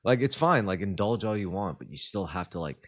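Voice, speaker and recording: A man's voice: on the low side, expressive, brisk. A man co-hosting a podcast, chatting casually and joking around, playing with foreign words. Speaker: podcast co-host. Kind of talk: casual chat.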